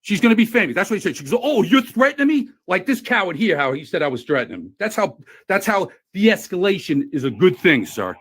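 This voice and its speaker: A man argues loudly and combatively while filming inside a post office. His voice sits high and swings widely in pitch as he repeats himself and talks over everyone. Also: very animated, fast talker, breathy edge. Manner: loud, combative, talks over others, lots of repetition. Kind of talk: heated argument while filming. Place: indoors at a post office counter.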